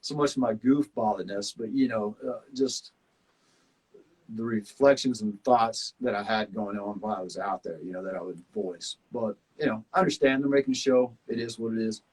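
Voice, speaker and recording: On the low side and breathy, this man's voice comes through poor audio at normal speed, carrying a Southern accent. He's a former survival show contestant chatting reflectively about his time on it, relaxed and rambling with plenty of fillers.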